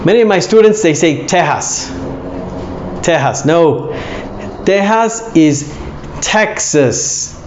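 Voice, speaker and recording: A man teaching English pronunciation, repeating each word slowly with exaggerated emphasis. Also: sits high, expressive, background noise. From United States. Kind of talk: pronunciation lesson. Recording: echoey room, slightly dull sound.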